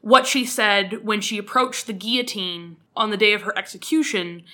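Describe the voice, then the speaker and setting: A woman's voice: mid-range voice, moderate pace, pushed and bright. A woman co-hosting a casual podcast chat, telling history anecdotes with dry jokes and filler words. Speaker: podcast co-host.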